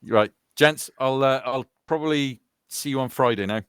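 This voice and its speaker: A man's voice: medium pitch, normal speed, clear, resonant tone, dry recording. A British man in his fifties from Wales, chatting over online voice chat with friends in a rambling, easygoing way, laughing as he tells stories. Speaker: soldier chatting with gaming friends. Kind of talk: casual voice chat.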